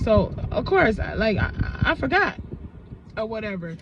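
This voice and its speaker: High-voiced woman rambling from her car. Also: sing-song, normal speed, muffled recording, noisy background. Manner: rambling, chatty, full of fillers. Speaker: vlogger. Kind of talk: casual storytelling. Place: inside a car. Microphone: phone propped up.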